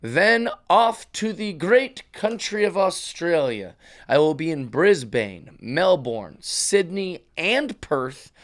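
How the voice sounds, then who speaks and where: A man's voice: a little high, big pitch swings, takes it slowly, a bit bright. A middle-aged man hosting his own comedy podcast, ranting in a casual monologue and slipping into mocking voice impressions.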